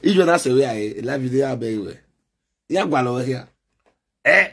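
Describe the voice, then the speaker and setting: A man with a Nigerian Pidgin accent hosting a live stream, loudly calling out to his viewers. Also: medium pitch, normal speed, vocal fry, slightly rough. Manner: calls out loudly to viewers, animated.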